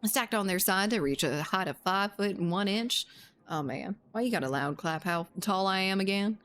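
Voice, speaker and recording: Woman streamer, mid-pitched and easygoing, giggly, foul-mouthed, reads chat aloud. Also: lively intonation, moderate pace, a bit bright, a little hiss or hum. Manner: chatty, laughs often, swears freely, reads chat aloud. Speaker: game streamer chatting with viewers. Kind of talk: casual live-stream chat.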